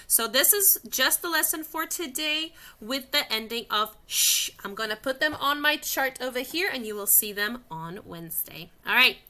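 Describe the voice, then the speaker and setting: A woman's voice: high voice, expressive, normal speed, few pauses, bright, forceful tone. A woman teaching a phonics lesson to young children, patient and encouraging, stretching out each sound.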